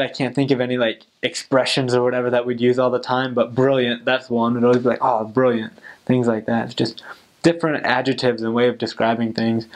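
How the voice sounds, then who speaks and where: A young man talks casually, giving tips as a returned missionary. He rambles and leans on "like" in nearly every phrase. His voice sits at a middling pitch. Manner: rambling, heavy use of "like" fillers. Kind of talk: casual advice talk.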